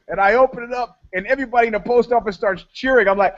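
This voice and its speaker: A man co-hosting a casual chat, telling stories loudly and profanely and acting out the people in them. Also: high voice, fast talker, hardly any pauses. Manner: profane, animated storyteller acting out quotes. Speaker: podcast co-host. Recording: dull lo-fi podcast audio.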